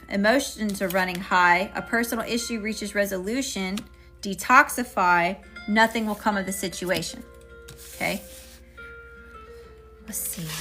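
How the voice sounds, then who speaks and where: A woman's voice: medium pitch, a bit bright. A woman doing a live-stream tarot reading, chatting with viewers between cards. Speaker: tarot reader.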